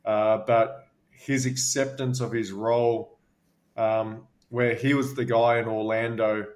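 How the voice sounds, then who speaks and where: An Australian man from Western Australia, a former basketball player co-hosting a podcast, telling stories in a relaxed, chatty way with plenty of fillers. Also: mid-range voice, takes it slowly. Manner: relaxed anecdotal, frequent fillers. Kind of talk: casual storytelling chat.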